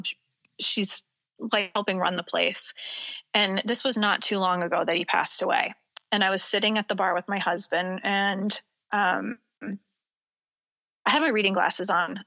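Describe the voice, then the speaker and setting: A woman psychic medium, a guest on an interview show, retelling a personal story in a halting way, with many ums and restarts. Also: medium pitch, pushed and bright.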